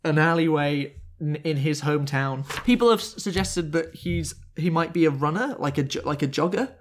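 A chatty podcast host, talking at an everyday middle pitch. The delivery is jokey and loose, full of laughs and little restarts as the story is read out. Everything is casual chat. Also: lively intonation, moderate pace.

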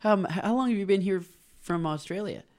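A man's voice: high-pitched, normal speed, a little mellow. A young man from British Columbia, a comedian guest, chatting easily and agreeably and laughing often. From British Columbia, Canada. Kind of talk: casual chat.

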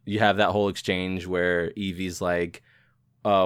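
A man's voice: low voice, little pitch movement, unhurried, smooth, dry recording, clean studio sound. A young man co-hosting a casual movie podcast, retelling scenes with lots of swearing. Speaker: podcast co-host. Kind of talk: casual movie review chat.

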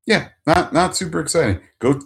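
A man co-hosting a podcast from home, recapping a TV episode in a relaxed, animated way. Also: fairly high pitch, a little fast, creaky. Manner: animated recapping, acts out quotes. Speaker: podcast co-host. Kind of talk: casual chat.

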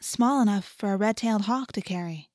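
A woman voicing a gentle, easily frightened teenage girl, her voice raised high and soft. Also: fairly quick, no echo, studio quality, natural voice. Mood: tentative.

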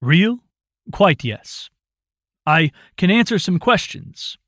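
A man voicing a brisk, commanding older mentor in a storybook reading. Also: high-pitched, sing-song, fairly bright tone, no room sound, clean studio sound, pitched above the performer's own voice, exaggerated voice.

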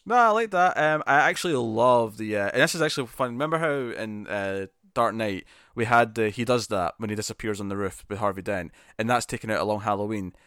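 A man's voice: fairly low pitch, fairly quick, hardly any pauses, smooth, no echo, studio quality. Chatty man rambling about films. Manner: animated, rambling with many restarts. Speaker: podcast co-host. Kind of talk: casual film discussion.

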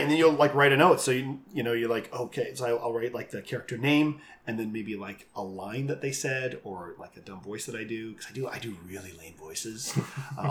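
Male game master, animated chatter and frequent laughs, echoey room sound. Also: medium pitch. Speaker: game master of a live show. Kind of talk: casual interview chat.

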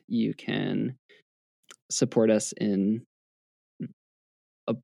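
A man with a gravelly, fry-tinged voice sits close and dry to the mic as he signs off his podcast. He rambles casually, piling on ums and restarting his sentences. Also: mid-range voice, drawn-out words, pauses often, darkish tone, dry recording. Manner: rambling, with frequent fillers and restarts. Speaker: podcast co-host.

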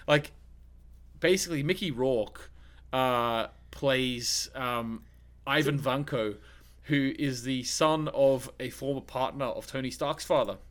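A man's voice: mid-range voice, slow, fairly bright tone. A young man co-hosting a podcast, chatting casually about films with lots of restarts and fillers. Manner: rambling, many restarts and fillers. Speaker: podcast co-host. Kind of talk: casual film chat.

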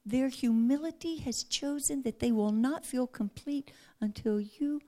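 A woman preaching a sermon earnestly, often dropping to a hushed near-whisper. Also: sits high, a little slow.

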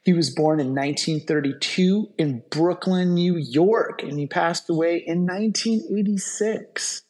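A man with a fairly high voice chats on a podcast. He reads out actor trivia with enthusiasm, laughing along with his co-hosts. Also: measured pace, darkish tone. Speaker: podcast co-host. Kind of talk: casual podcast chat.

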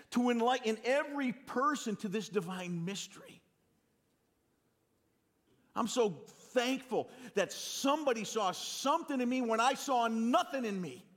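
A Northeastern US pastor in his sixties preaches in an extremely high pitch. He livens the sermon with self-deprecating stories and keeps restarting his lines.

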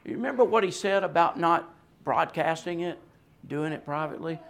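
High-voiced preacher with a carrying voice. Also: male voice, sing-song, normal speed, creaky. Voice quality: voice that carries. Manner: swings from hushed to loud, emphatic preaching. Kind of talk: sermon.

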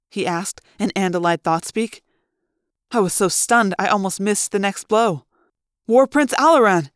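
A fan reader narrating a sci-fi audiobook in steady storytelling style, rising for dialogue. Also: medium pitch, clear, resonant tone, no room sound, clean studio sound.

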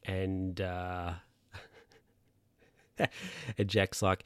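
In a dry, clean studio recording, a man with a mid-range voice speaks at normal speed. He casually retells a comedy episode with animated storytelling, doing a separate voice for each character and laughing along.

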